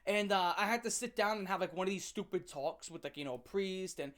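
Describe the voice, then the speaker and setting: A woman telling a comic story as a channel host, in a sarcastic, profane and animated rant. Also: medium pitch, fairly quick.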